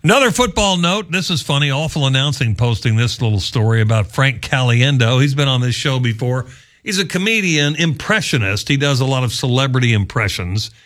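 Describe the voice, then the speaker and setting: A male sports radio host talks casually and sounds amused. His voice sits at a middle pitch and moves up and down a lot. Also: brisk. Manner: lively, chatty, amused. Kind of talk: casual talk show commentary.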